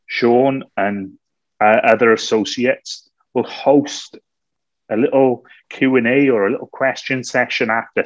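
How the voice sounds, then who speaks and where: A man co-hosting a podcast, telling a story in a lively way, often laughing and acting out what people said. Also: lowish voice, dry recording. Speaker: podcast co-host. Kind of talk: anecdotal storytelling. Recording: slightly dull, dry recording.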